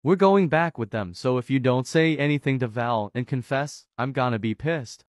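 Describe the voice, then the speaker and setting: A woman's voice: very deep voice, normal speed, a little mellow, no room sound, studio quality. A woman doing crude teasing teen boy. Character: teasing teenage boy Alex. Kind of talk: Roblox roleplay voice acting.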